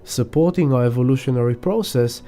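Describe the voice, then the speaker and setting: A man's voice: medium pitch, a little fast, warm tone. A man giving a rambling spiritual astrology talk, casually swearing and acting out examples. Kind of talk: spiritual teaching monologue.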